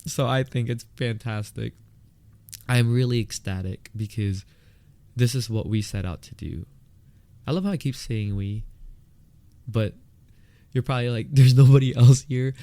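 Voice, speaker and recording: A man's voice: fairly low pitch, gravelly. Lisping young man hosting a podcast. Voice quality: lisp, more pronounced with retainers in. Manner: excitable and candid, laughs, quick asides. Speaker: podcast host. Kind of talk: solo podcast monologue. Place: indoors, filmed on camera.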